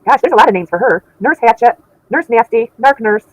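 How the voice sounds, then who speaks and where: Her voice a little high and her intonation lively, a middle-aged woman talks briskly while hosting a casual livestream and reading chat. She reacts to viewers with laughter and indignation, and the sound is lo-fi.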